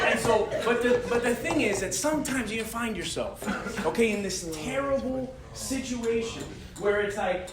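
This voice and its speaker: High-voiced man telling a rowdy story. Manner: animated, profane, laughing often. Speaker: podcast host. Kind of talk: casual storytelling. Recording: echoey room with loud crowd chatter.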